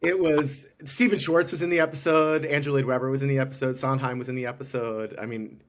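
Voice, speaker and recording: A man's voice: mid-range voice, steady tone, fast talker, noisy background. Effusive middle-aged man, rambling guest. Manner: effusive, rambling with many restarts. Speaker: guest musical director. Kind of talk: casual podcast interview.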